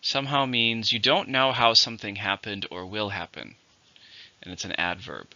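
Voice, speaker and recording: A man teaching English vocabulary in a recorded lesson, with slow, clear, deliberate pronunciation drills. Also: lowish voice, steady tone, pushed and bright, dry recording. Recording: dull lo-fi recording.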